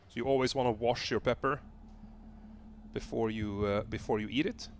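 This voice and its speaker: A man tasting a hot pepper on camera and talking it through casually, halting with lots of fillers and restarts. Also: medium pitch, steady tone, a little hiss or hum. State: gasping and coughing from pepper heat. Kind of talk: casual vlog commentary.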